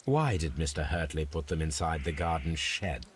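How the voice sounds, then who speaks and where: Sherlock Holmes, a deep methodical detective. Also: male voice, lively intonation, a little hiss or hum. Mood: probing. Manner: measured, precise questioning. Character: cool, methodical male detective, adult. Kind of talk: video game character dialogue.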